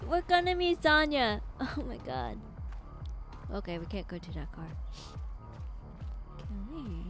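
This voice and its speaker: Giggly high-voiced woman streamer. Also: unhurried, over music. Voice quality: excitable, giggly, thinks out loud. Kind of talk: live gameplay commentary.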